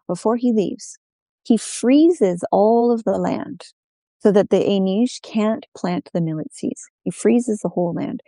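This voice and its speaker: Creaky woman telling a folk tale. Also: medium pitch, darkish tone, no room sound. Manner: unhurried, repetitive refrains. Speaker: storyteller guest. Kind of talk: oral folk-tale storytelling.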